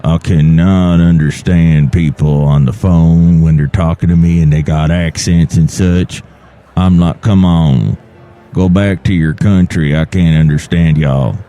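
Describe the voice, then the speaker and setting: Comedy podcast bit: a man playing a cranky fiddle player, deep and dark, gruff and blunt. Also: steady tone, unhurried. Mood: grumbling. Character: grumpy bigoted male country fiddle player.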